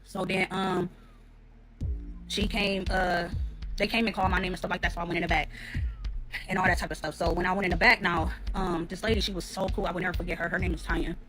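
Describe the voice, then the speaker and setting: A woman's voice: fairly low pitch, little pitch movement, quick pace, music in the background. Candid woman telling a rambling story. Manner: rambling with many fillers, acts out quotes loudly. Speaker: storyteller in a reaction clip. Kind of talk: casual storytime, profane and candid.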